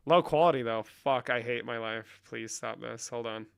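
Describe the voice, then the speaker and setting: A man's voice: mid-range voice, measured pace, gravelly, a bit bright, clean tone. A man rambling through a comedic vlog in a profane, mock-serious, running banter. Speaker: comedic creator. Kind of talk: comedic screen-share vlog.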